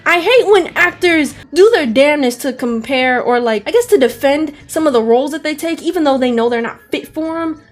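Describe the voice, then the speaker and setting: A woman's voice: sits high, animated, brisk, few pauses. A young adult woman talking casually as an artist vlogger, full of "like" fillers, swearing and ranting. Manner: chatty, many "like" fillers, swears and rants with laughs. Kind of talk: casual vlog chat. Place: home art studio. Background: faint background music.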